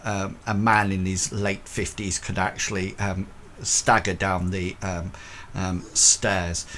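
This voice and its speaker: A man's voice: low voice, a bit bright, a little hiss or hum. A man narrating as game master, hesitant and full of fillers.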